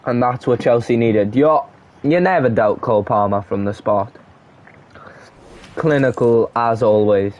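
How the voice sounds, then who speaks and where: A man's voice: mid-range voice, a little slow, highs cut off. A young man giving casual play-by-play commentary on a football video game, reading off player names in short bursts. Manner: calls player names in short bursts, shouts at goals and chances.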